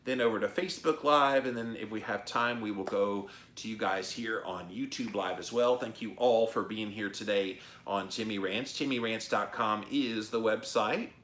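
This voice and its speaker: A middle-aged man hosts a casual live stream in an animated, emphatic way. His voice sits low but sounds bright and forceful. The room around him is echoey. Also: moderate pace, hardly any pauses, slight background noise. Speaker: host of a live-stream show. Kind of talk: casual livestream chat reading comments.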